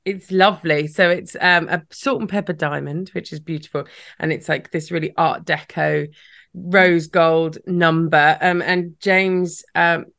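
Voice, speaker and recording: A woman's voice: lowish voice, fairly even intonation, a little slow, creaky, a bit bright. A woman talking as a podcast guest in casual chat, chatty and laughing often.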